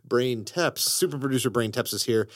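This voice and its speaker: A man hosting a comedy podcast, joking around and now and then slipping into a gruff put-on accent. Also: medium pitch, normal speed, no echo, clean studio sound. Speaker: podcast host. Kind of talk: comedic casual chat.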